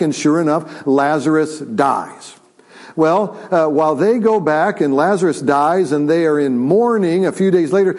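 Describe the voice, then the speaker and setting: Man, pastor, sermon, high-pitched voice, storytelling, frequent restarts. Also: a little mellow. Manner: storytelling with many restarts and fillers; acts out quotes with rising pitch and volume.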